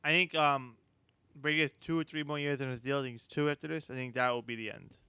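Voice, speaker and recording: A man's voice: medium pitch, steady tone, fast talker, sharp tone, clean tone, dry recording. A young man co-hosting a sports talk show in casual chat, often repeating words as he starts a thought.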